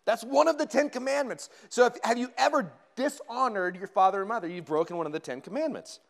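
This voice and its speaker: A man's voice: extremely high pitch, fast. A male pastor from giving a conversational sermon in a church, with humorous asides to the congregation. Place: church sanctuary.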